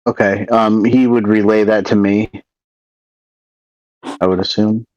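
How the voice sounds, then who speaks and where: A low-voiced man chats as a player in a tabletop game, easygoing and unhurried in manner. His audio is a little dull, as if through a modest microphone, and fully dry. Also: little pitch movement, a little mellow, dry recording. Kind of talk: casual tabletop game play.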